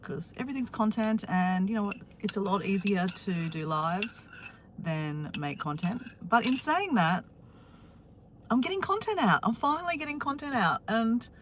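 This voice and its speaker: A woman's voice: medium pitch, lively intonation, moderate pace, noisy background. A woman with an Australian accent chatting casually on a live stream from her car, greeting viewers by name.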